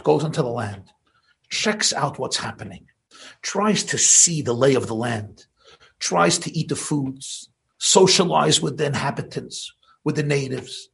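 A man giving a sermon, building to emphatic peaks and dropping to soft asides. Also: medium pitch, gravelly.

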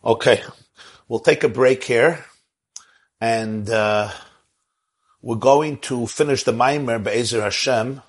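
A man's voice: mid-range voice, takes it slowly, pauses often. A man who is a rabbi, teaching a Torah class and answering questions in an earnest way, repeating his key phrases and chuckling now and then.

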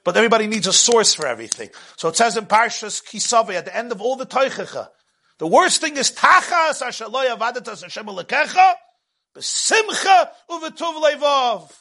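Male religious teacher preaching; high, bright voice; lively delivery that swings between hushed and loud. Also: fast, creaky. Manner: animated, swings from hushed to loud, laughs at own jokes. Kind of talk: sermon.

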